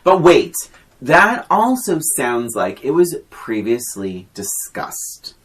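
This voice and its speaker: A woman co-hosting a podcast, chatting about a film in an animated, emphatic way and laughing often. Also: very deep voice, slow, husky. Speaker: podcast co-host. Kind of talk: casual film chat.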